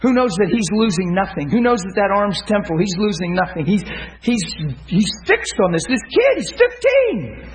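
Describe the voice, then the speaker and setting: A male preacher delivering an impassioned sermon, swinging from shouted peaks to hushed storytelling. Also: high voice, moderate pace, few pauses, rough recording.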